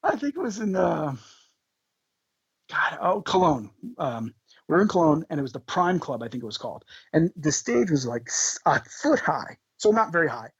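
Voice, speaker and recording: A man, a podcast guest, telling tour stories in an animated, swearing, laughing way. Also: fairly high pitch, moderate pace, breathy edge, no echo, muffled recording. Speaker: podcast guest, band member. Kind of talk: casual storytelling.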